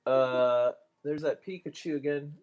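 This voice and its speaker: A man's voice: mid-range voice, fairly even intonation, measured pace, darkish tone, highs cut off. An American man chatting casually on a live stream, muttering asides and mocking himself as he goes. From United States. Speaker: streamer, card collector.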